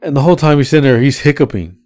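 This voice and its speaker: A man's voice: medium pitch, very fast. A man casually telling rideshare stories as a podcast co-host, swearing freely and acting out his passengers' voices. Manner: animated, acts out passengers' voices. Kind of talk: casual storytelling with profanity.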